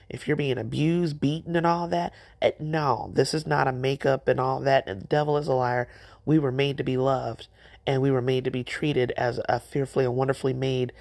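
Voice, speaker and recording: Woman podcast host, middle-aged, gravelly with vocal fry, animated faith-based exhortation. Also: rumbling low, dry recording. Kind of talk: encouraging faith-based talk.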